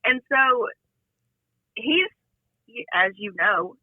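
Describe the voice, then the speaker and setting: A woman's voice: on the high side, animated, drawn-out words. A woman from Louisiana, a nurse guest on a podcast, talking bluntly and outspokenly in casual chat. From Louisiana, USA. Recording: tinny phone-like audio.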